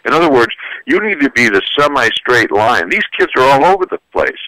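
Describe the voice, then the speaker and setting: This older author and psychologist shares parenting wisdom on the radio with a folksy, joking, animated storytelling style. He speaks briskly at medium pitch, in a studio with no echo but a low-quality recording.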